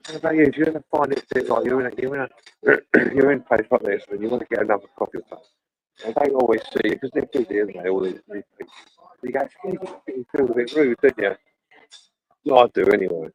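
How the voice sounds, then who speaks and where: A man's voice: medium pitch, fast talker, dull audio. Chatty man streaming from a cafe. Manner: rambling, chatty, swears. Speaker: live streamer. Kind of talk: casual live-stream chat to viewers.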